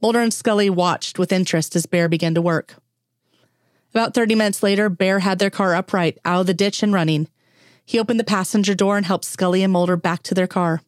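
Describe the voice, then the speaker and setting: A woman's voice: fairly low pitch, fairly quick, no room sound, studio quality. A woman narrating a fan fiction story and voicing all of its characters herself.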